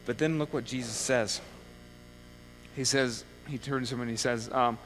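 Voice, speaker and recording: A man's voice: mid-range voice, fairly even intonation, normal speed, fairly bright tone. A male pastor giving a conversational sermon in a church, often checking in with the congregation with "okay?". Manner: conversational preaching with frequent "okay?" check-ins. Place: church sanctuary. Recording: long hall reverb with faint mains hum.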